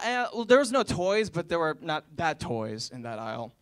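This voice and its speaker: A man's voice: fairly high pitch, animated, unhurried, a bit bright. A man in his twenties performing a college stand-up set, telling stories and acting out family members and strangers. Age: 20s. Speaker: stand-up comedian. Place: college stage before a laughing audience.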